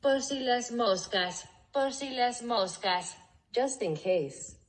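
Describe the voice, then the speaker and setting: Sketch role: a man playing a dogged, breathy Spanish-language guy, slow, lively pitch, roomy sound. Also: full character voice. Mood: insistent.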